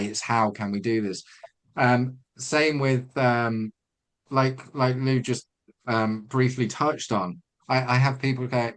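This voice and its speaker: A man co-hosting a webinar, giving riding advice over a video call and thinking aloud with many restarts. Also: mid-range voice. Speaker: retraining coach and webinar co-host. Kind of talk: casual instructional chat.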